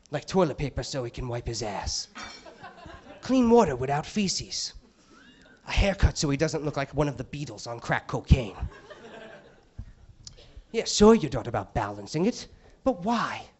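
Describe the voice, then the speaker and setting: A smarmy middle-aged TV charity spokesman, put on by a man, dropping his voice low and hushed to guilt-trip the viewer. The pitch sits far below the comedian's usual register and the tone is soft and oily. The sound is dull and lo-fi. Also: sing-song, normal speed, long pauses. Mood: guilt-tripping.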